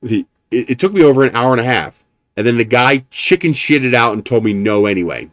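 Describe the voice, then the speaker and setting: A man's voice: mid-range voice, animated, a little fast, a bit bright, no room sound. Casual male streamer who rambles through anecdotes and swears easily, in a mid-range voice with a dry, close sound. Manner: chuckles often while talking. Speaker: live streamer. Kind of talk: casual chat.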